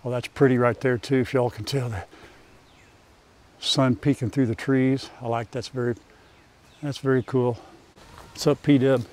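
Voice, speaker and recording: A man's voice: medium pitch, steady tone, a little slow, long pauses, a little mellow. An older man, chatting casually in a farm vlog and talking to his animals in a folksy way. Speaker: farmer and vlogger. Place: outdoors on a farm.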